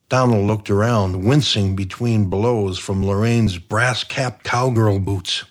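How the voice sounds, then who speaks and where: A man's voice: fairly low pitch, steady tone, takes it slowly, few pauses. Man narrating a comic crime story. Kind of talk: audiobook narration.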